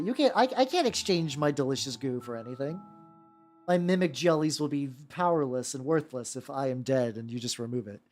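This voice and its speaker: Her voice sits on the low side and is a little mellow as she paints miniatures on stream. Rambling and casual, she swears freely and frequently restarts her sentences over faint background music.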